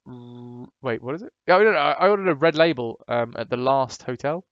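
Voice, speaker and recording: A man's voice: mid-range voice, brisk, dry recording, dull audio. A man chatting casually and rambling on his live stream from a hotel room. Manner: chatty, rambling, laid-back.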